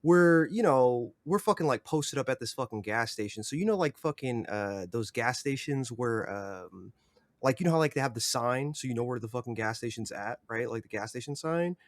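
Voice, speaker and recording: A man's voice: medium pitch, animated, normal speed, no echo. Rambling, profane young man in a dry room. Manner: profane, rambling, filler-heavy. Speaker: podcast guest. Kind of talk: casual storytelling.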